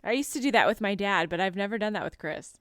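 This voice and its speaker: A woman co-hosting a casual podcast chat, relaxed and quick to laugh, mostly short replies. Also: mid-range voice, no room sound, studio quality. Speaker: podcast co-host.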